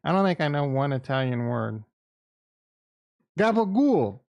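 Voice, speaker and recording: A middle-aged man with a gravelly, creaky voice hosts a casual livestream and rambles bluntly with plenty of crude asides. His voice sits at an ordinary pitch and is recorded dry and close, with no room sound. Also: lively intonation, fairly quick, no echo. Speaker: livestream host.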